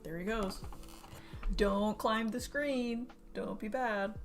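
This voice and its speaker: A woman's voice: mid-range voice, slow pace, faint music behind. A young woman chatting casually and joking while she builds model kits on a stream. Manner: chatty, joking, laughs often.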